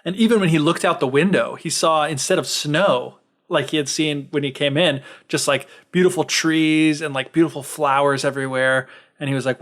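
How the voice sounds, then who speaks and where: A young man casually retells a fairy tale on his podcast, chatty and full of fillers. His voice sits a touch higher than most men's. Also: fairly even intonation, fairly quick, a bit bright. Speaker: podcast co-host. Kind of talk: casual storytelling.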